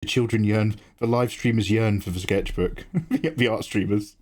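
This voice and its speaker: A man's voice: moderate pace, darkish tone. A grown man hosting a live drawing stream, chatting casually and teasing viewers as he answers chat. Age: adult. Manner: chatty, teasing replies to chat, jumps up in pitch when greeting viewers. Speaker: livestream artist and host.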